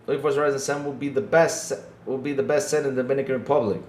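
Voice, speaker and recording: A man's voice: mid-range voice, fairly even intonation, very fast, darkish tone, a little hiss or hum. A man hosting a casual gaming podcast, laid-back and chuckling, often repeating himself and tagging his lines with "though". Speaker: podcast host. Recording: echoey room.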